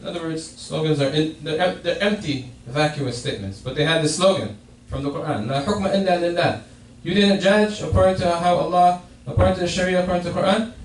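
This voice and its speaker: A man's fairly high voice rushes along with hardly any pauses as he explains a hadith in a Friday sermon, often repeating himself and starting phrases over. The setting is a mosque prayer hall; the sound is echoey, distant-miked and faintly noisy.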